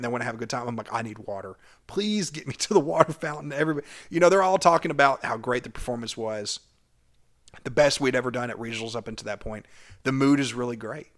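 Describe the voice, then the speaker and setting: A young man telling a personal story about his school cheer days, vividly and animatedly, his loudness rising and falling with the tale. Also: medium pitch. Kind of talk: storytelling vlog.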